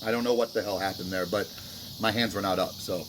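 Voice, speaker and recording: A man's voice: sits low, fairly even intonation, fast, noisy background. Remorseful man rambling to camera. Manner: remorseful, rambling, many fillers. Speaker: vlogger. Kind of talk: casual talk to camera.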